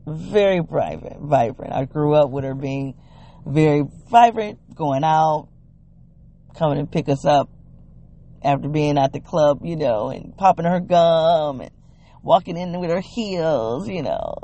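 A vlogger telling a personal family story in a reflective way, retelling what people said in animated quotes, with frequent "you know"s and restarts. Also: medium pitch, a little slow, dull audio.

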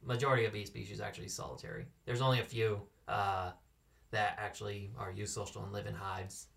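A man's voice: lowish voice, little pitch movement, fairly quick, vocal fry, fairly bright tone, distant mic. A man from California co-hosting a casual podcast and sharing animal facts with dry humor, now and then correcting himself. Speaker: co-host.

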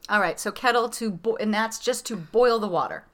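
A woman's voice: medium pitch, moderate pace, no room sound. A woman hosting a podcast, chatting casually and rambling with lots of fillers. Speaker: podcast host. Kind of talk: casual chat.

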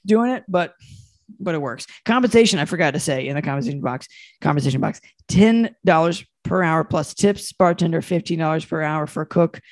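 Comedic podcast co-host, giggly, wry, mid pitch, dry close mic. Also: brisk, dry recording. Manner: giggly, wry, frequent laughs. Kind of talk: comedic podcast chat, reading an ad aloud.

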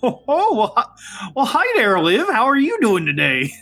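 A man's voice: very high voice, huge pitch swings, moderate pace, bright, forceful tone, breathy edge, faint music behind, voice pushed up, full character voice. A man voicing a folksy middle-aged Midwestern dad with a hesitant, stretched drawl. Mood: cheery.

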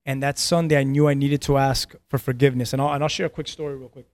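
A man's voice: mid-range voice, steady tone, fast, a little mellow, dry recording. Earnest man telling a story, dry sound. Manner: earnest, repeats words, laughs between lines. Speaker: pastor. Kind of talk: casual podcast storytelling.

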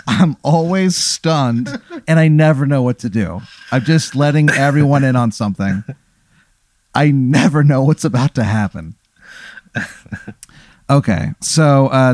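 Man, mid pitch, sheepish improv partner, dry close mic. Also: normal speed, a little mellow, no echo. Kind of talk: improvised comedy banter.

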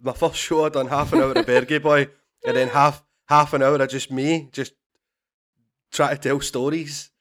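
Animated Scottish man telling stories. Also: mid-range voice, normal speed. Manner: animated storytelling, laughing, swearing, repeated restarts. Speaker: stand-up comedian, podcast guest. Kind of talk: casual podcast chat.

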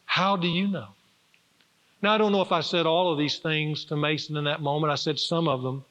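A man's voice: fairly high pitch, steady tone, fairly quick, a bit bright. Pastor, male, middle-aged; earnest sermon delivery that swells and drops; lo-fi church recording with long reverb. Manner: earnest, emphatic preaching with rising and falling force. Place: church sanctuary.

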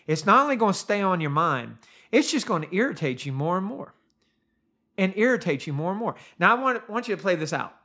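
Male preacher with a high voice; earnest, emphatic sermon delivery full of pointed questions. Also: fairly bright tone. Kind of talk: sermon podcast.

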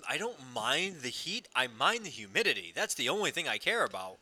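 A man's voice: mid-range voice, very animated, fairly quick, bright, forceful tone, husky, dry recording. A man co-hosting a casual sports radio show, blunt and wry, telling stories.

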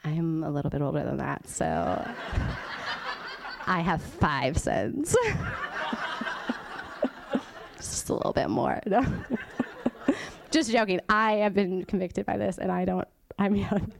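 A woman's voice: on the low side, animated, unhurried, gravelly, a crowd in the background. Chatty woman preaching a sermon. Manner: chatty and informal, laughs often, drops to a whisper for emphasis. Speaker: guest church teacher. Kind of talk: conversational sermon.

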